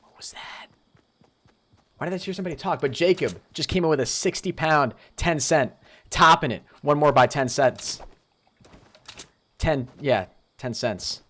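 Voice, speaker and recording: A man's voice: a little high, unhurried, pauses often. Casual young male game streamer. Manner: casual, excitable, thanks donors and chatters. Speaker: streamer host. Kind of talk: live gameplay commentary.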